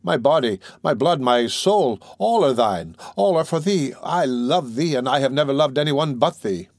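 A man's voice: medium pitch, expressive, moderate pace, no echo, clean studio sound, lightly acted. A man playing Phoebus, a swaggering captain. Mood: passionate. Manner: swaggering, grand declarations.

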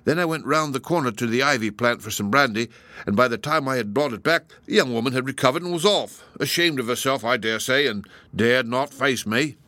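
A man's voice: mid-range voice, brisk, sharp tone, no echo, voice pushed up, close to an everyday voice. A man voicing a nervous, apologetic police constable who stammers and defers to his superiors.

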